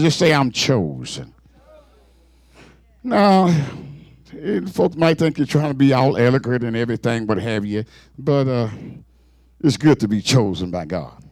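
Casting: gravelly-voiced male preacher, high and lively pitch, fervent call-and-response sermon. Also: dry recording.

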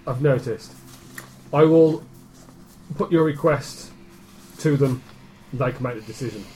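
A man's voice: medium pitch, a little slow, darkish tone, slight background noise, natural voice. A man voicing a curt, dismissive female werewolf elder on the phone, speaking in clipped replies.

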